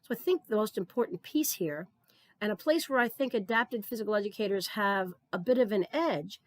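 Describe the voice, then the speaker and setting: A woman's voice: mid-range voice, animated, a little fast, dry recording. A middle-aged woman giving an earnest conference keynote, telling stories and often repeating words as she starts a thought. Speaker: keynote speaker.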